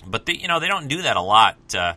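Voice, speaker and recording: A man's voice: medium pitch, big pitch swings, quick pace, pushed and bright. A man hosting a casual fan commentary, rambling with many fillers and restarts. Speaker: podcast host.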